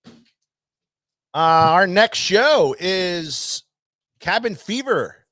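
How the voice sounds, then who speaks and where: A man's voice: high-pitched, animated, extremely slow, fairly bright tone, dry recording, clean studio sound. A man hosting a live fishing tackle show, calling out viewers by name with lots of energy and loose filler words. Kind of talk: casual live-stream hosting.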